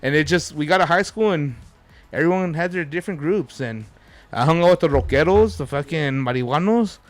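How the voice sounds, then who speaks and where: A man's voice: on the high side, fairly quick, no room sound. A man telling a story as a podcast guest, rambling and swearing, with Spanish words dropped in. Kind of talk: casual storytelling.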